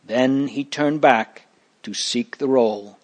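A man narrating a storybook in a slow, measured, plain reading manner. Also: mid-range voice, darkish tone.

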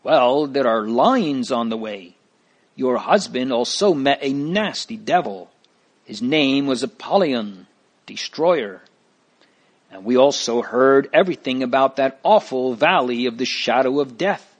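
A man's voice: mid-range voice, expressive, measured pace. A man reading a story aloud, voicing a fearful neighbor woman who scolds and pleads in a raised voice. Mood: scolding.

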